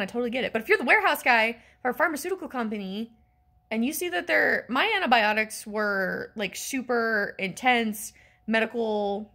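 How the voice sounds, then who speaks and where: A woman in her twenties telling an exasperated, animated story as a casual vlog rant, full of fillers. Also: on the high side. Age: 20s. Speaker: vlogger.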